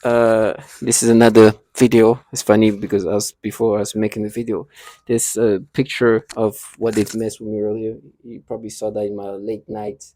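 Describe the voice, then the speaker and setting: A man talking to camera in a rambling, halting monologue, restarting and repeating himself often. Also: fairly low pitch, flat delivery, dark tone, no echo. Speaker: vlogger.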